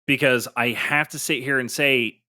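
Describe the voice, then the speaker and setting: A man's voice: medium pitch, fairly even intonation, moderate pace, sharp tone. A man co-hosting a gaming podcast, talking in a chatty, emphatic way with many restarts. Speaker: podcast co-host. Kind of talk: casual chat.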